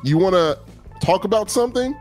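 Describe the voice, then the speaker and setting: A man's voice: high voice, animated, fairly quick, over music. A man co-hosting a talk show, laughing easily and explaining slang with everyday examples. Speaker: co-host. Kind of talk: casual chat.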